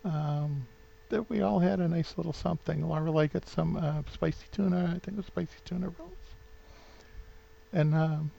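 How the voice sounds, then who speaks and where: New england guy in his 50s rambling into his camera at home, super gravelly, sentimental, muffled lo-fi sound. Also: a little high, moderate pace. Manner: rambling, full of fillers and restarts; sentimental, gets openly emotional. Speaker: vlogger. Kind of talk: rambling casual vlog.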